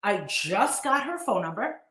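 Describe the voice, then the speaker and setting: A woman's voice: medium pitch, a little slow, echoey room. A woman telling a story in a casual way, acting out the dialogue she quotes. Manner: animated, acts out quoted dialogue. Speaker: live-streamer recounting events.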